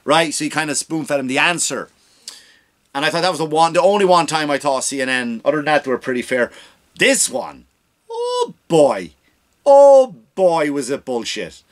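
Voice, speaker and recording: A man's voice: a little high, a little fast, a bit bright. A man hosting a comedy podcast, ranting and swearing freely, acting out the voices of people he quotes. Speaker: podcast host. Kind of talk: comedic rant.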